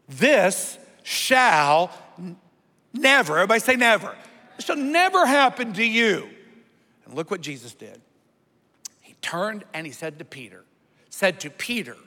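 A man's voice: sits high, pushed and bright, in a large hall. A male pastor preaching a sermon, using call-and-response and asking the congregation to repeat words after him.

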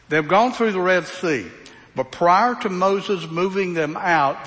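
Slow, folksy male preacher in a reverberant hall. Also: on the high side, fairly bright tone. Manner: folksy, asks the congregation rhetorical questions. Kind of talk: sermon, verse-by-verse Bible teaching.

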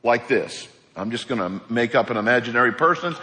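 A man preaching a sermon as pastor, animated, acting out the people in his stories. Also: mid-range voice, a little fast, few pauses, big-room sound.

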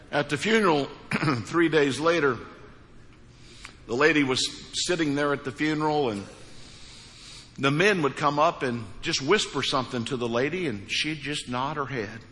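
A male pastor from Missouri, USA, speaks with a bright, forceful, higher-pitched voice. He preaches a sermon that includes a joke, telling stories in a folksy way with emphatic repeated phrases. The church sanctuary is a large hall with long reverb.

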